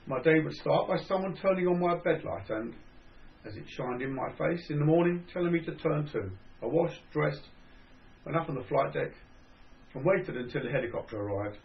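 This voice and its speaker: An older man with a Cockney (Estuary) accent reading his own memoir in a measured, dry storytelling manner. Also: a little high, expressive, creaky. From England. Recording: dull lo-fi recording.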